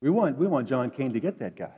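A man preaching a sermon in a conversational way, dropping to quiet asides and rising to emphatic peaks. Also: mid-range voice, big pitch swings, quick pace, breathy edge. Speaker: pastor. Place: church sanctuary. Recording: dull echoey church hall.

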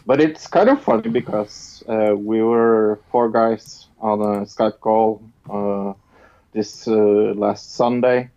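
A man's voice: lowish voice, lively intonation, takes it slowly, vocal fry, warm tone. A man from Norway with a Norwegian accent, co-hosting a podcast in casual chat, blunt, laughing often and swearing. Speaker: podcast co-host. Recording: dull lo-fi sound.

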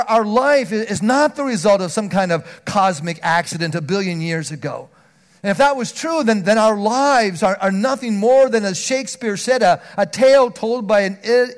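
A man preaching a sermon, earnest, often restarting words, swinging from loud emphatic stretches down to a near hush. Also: sits high.

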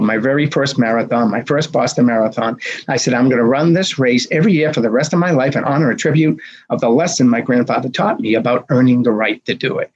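A man in his sixties, a race director telling a story in an interview, acting out the dialogue with lively energy. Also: medium pitch, slightly rough, muffled recording. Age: 60s. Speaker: marathon race director, guest. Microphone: video call.

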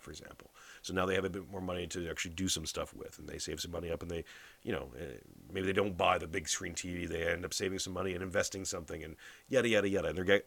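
A man's voice: deep voice, gravelly, a bit bright, no echo. A man from Canada giving a blunt, sarcastic political rant, swearing heavily.

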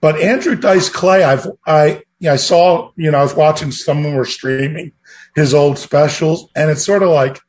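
Guy rambling in a chat, fairly high voice, reflective. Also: normal speed. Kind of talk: casual chat about movies.

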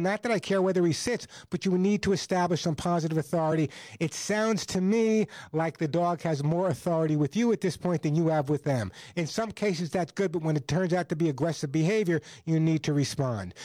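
A man's voice: fairly high pitch, darkish tone, dry recording. Assertive male radio pet host. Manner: assertive, repeats points for emphasis. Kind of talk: call-in advice radio.

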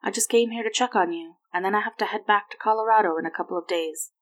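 A woman voicing a tired, tender adult mother who speaks softly and gently. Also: medium pitch, fast talker, lightly acted. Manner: soft and gentle.

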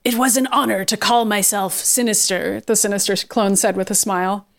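Gravelly-voiced woman reading aloud. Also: medium pitch, steady tone, moderate pace. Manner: amused, casual reading. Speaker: podcast co-host. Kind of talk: reading fan fiction aloud.

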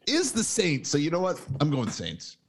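A man's voice: a little high, huge pitch swings, normal speed, vocal fry. A man in his forties, a co-host in a casual sports betting chat, brash and emphatic and swearing freely. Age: 40s.

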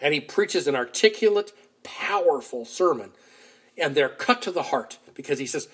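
A man preaching a sermon, retelling a Bible story in a lively storytelling manner with shifting loudness. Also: on the high side, moderate pace, breathy edge. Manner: animated storytelling, shifting loudness, acts out quotes.

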